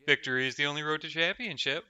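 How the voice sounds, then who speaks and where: A man's voice: a little high, fast talker, sharp tone, smooth, highs cut off, pitched above the performer's own voice. A man reading as a coaxing pit bookie. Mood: eager. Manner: coaxing questions, read from game text. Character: wheedling fussy male pit bookie.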